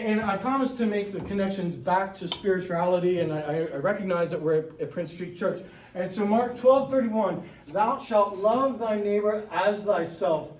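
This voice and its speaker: High-voiced man speaking casually to a church group. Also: a little mellow, rough recording. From Pennsylvania. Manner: informal, frequent "right?" and "um", self-restarts. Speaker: guest speaker at a men's church gathering. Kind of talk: casual, conversational talk to a small group. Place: church meeting room.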